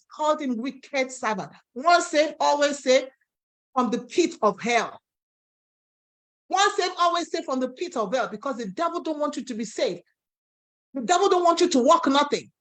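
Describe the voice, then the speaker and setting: A woman's voice: sits high, a bit bright. A woman with a Nigerian accent preaching an impassioned sermon, now and then acting out voices in the story she tells.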